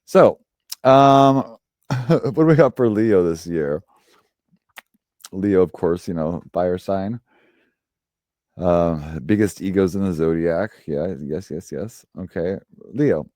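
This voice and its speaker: Male host reading horoscopes, lowish voice, dry sound, loose and chatty with lots of "um" and restarts. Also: slow pace, long pauses, a little mellow, dry recording. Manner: rambling, chatty, full of fillers and self-corrections. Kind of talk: casual live-stream chat.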